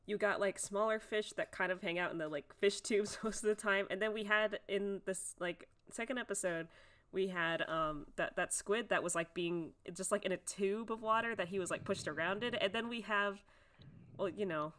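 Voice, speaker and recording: A woman's voice: mid-range voice, normal speed, fairly bright tone. A woman co-hosting a podcast, retelling a story in a chatty, giggly way with many fillers. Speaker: podcast co-host. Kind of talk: casual chat.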